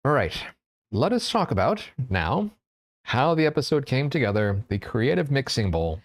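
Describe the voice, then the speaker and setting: A man who reads a story aloud expressively, then hosts a relaxed, chatty writing class. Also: medium pitch, normal speed. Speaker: writer and class host.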